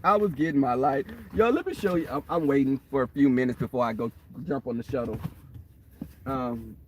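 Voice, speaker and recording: A man's voice: medium pitch, brisk, noisy background. A man hosting a casual livestream, telling stories to his chat with lots of laughter. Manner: animated storytelling, laughs often, talks to the chat. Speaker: livestream host. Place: waiting for a shuttle, outdoors or in transit.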